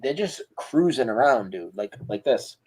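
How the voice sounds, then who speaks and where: A man as an interview guest, telling a story in a casual, animated way over a video call. He acts out sounds and swears freely. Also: mid-range voice, unhurried, breathy edge, poor audio.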